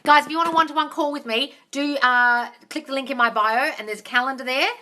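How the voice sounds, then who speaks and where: A woman's voice: high voice, fast, bright, forceful tone, slight background noise. An Australian woman hosting a live Q&A, reading viewers' comments aloud, calling them darling and swearing casually. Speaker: manifestation coach host.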